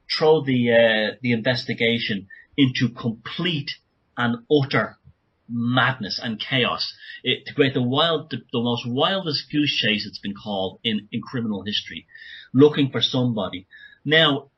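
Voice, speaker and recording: Husky-voiced guy on a podcast, talks fast and keeps restarting, kinda muffled lo-fi sound. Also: mid-range voice. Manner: urgent, rapid bursts with frequent restarts. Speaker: guest author. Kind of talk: podcast interview.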